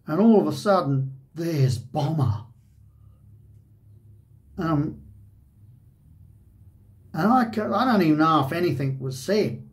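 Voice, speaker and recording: An Australian man, host of a shaving channel, telling a personal story in a rambling, conversational way with lots of "you know". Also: a little high.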